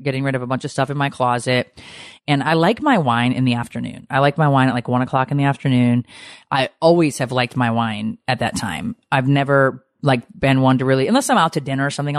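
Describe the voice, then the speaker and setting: A woman in her forties co-hosts a casual podcast, telling stories with lively animation and swearing freely. Whenever she quotes herself or someone else, her pitch leaps high. The recording is dry and close, with no room sound.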